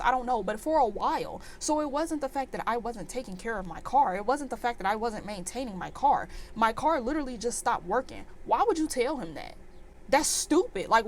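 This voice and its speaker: A woman's voice: fairly high pitch, slight background noise. Exasperated young woman ranting a story. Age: 20s. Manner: animated, exasperated ranting with lots of fillers. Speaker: vlogger. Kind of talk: storytime vlog.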